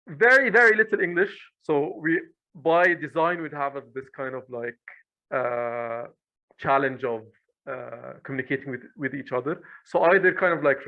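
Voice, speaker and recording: A man's voice: mid-range voice, gravelly, muffled recording. A man hosting a podcast, asking questions in a hesitant way with restarts and short acknowledgements. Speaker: podcast host. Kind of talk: casual interview.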